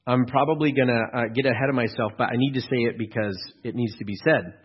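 A man's voice: mid-range voice, fast talker, hardly any pauses, breathy edge. A male pastor giving a sermon in a conversational, storytelling way, asking his listeners rhetorical questions. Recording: dull lo-fi recording.

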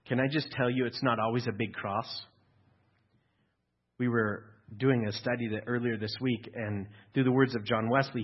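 A man preaches to his congregation in a relaxed, conversational way, slipping in dry jokes. His voice is somewhat husky. The recording sounds a little dull and lo-fi, as if taken in a church. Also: on the low side. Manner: conversational preaching with dry humor and acted-out quotes. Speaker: pastor. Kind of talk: sermon.

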